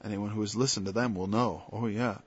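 A man's voice: lowish voice, steady tone, a little fast, breathy edge, no room sound. A man preaching an informal Bible-study sermon. He talks conversationally, stops and restarts, then builds to emphatic peaks. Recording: dull lo-fi dry recording.

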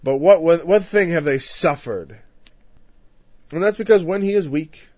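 A man preaching a conversational Bible-teaching sermon. He is emphatic, builds louder through lists and drops in frequent "you know" asides. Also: on the high side, measured pace, dry recording. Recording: dull, dry lo-fi recording.

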